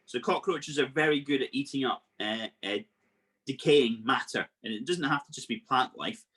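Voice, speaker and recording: A man with a husky voice talks children through facts about the animals he keeps. He explains things in a lively, playful manner, full of asides. He is heard through a video call. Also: medium pitch, normal speed. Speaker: exotic animal presenter. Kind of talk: live online animal workshop for children.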